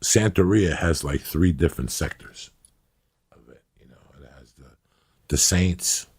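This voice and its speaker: A middle-aged man hosting a podcast, telling rambling, animated stories in casual chat. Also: low-pitched, measured pace. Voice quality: very raspy and gravelly. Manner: animated, rambling, acts out scenes. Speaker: podcast host.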